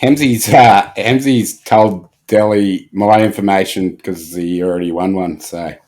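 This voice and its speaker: A man's voice: deep voice, fairly even intonation, unhurried, darkish tone. Man, podcast host, laid-back, swears a lot, laughs easily. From Australia. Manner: swears freely, laughs often. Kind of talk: casual podcast chat.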